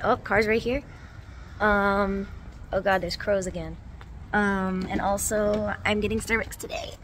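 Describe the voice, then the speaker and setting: A woman's voice: mid-range voice, fairly bright tone, slight background noise. A young woman under twenty-one chatting casually to her phone camera, giggly and rambling with lots of "like". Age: young adult, under 21. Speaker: vlogger. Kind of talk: casual vlog chat to camera. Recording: music playing under the voice.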